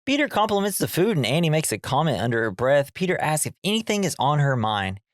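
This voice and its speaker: Man, podcast co-host, casual recap, animated swoops in pitch, dry close sound. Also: fast, no echo. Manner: animated, acts out character lines. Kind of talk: casual movie recap chat.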